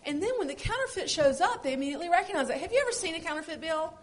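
Animated high-voiced woman telling parenting stories. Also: racing. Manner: storytelling, earnest and expressive. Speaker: podcast co-host. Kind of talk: casual chat about parenting.

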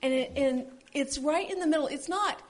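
A woman co-hosting a casual chat about parenting, telling stories in an earnest, expressive way. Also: high voice, moderate pace. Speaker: podcast co-host.

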